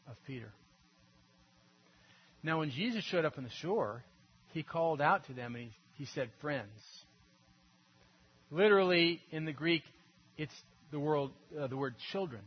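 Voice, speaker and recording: A man preaching a sermon in an earnest, conversational way, dropping to a hush and then rising to emphatic peaks. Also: on the high side, animated, unhurried, long pauses, dull audio, slight background noise. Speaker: pastor.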